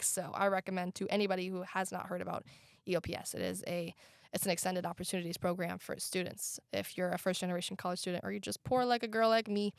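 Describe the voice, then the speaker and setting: Gravelly-voiced young woman, sassy and frank. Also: on the low side, no echo. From Southern United States. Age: young adult. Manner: frank, sassy asides, opinionated. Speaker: podcast co-host; community college student and student life worker. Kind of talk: casual chat.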